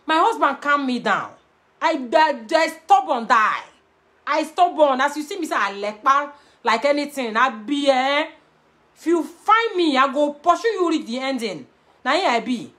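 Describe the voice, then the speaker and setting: Blunt high-voiced woman with a Nigerian Pidgin accent. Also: moderate pace. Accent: Nigerian Pidgin English. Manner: blunt, animated, switching between Pidgin and English. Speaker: vlogger giving marriage advice. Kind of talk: casual to-camera talk.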